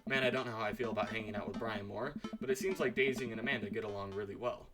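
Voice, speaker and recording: A man's voice: on the low side, fairly even intonation, rapid-fire, music in the background. A man giving playful, jokey commentary as he plays through a story game. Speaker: game streamer. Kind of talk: let's-play commentary.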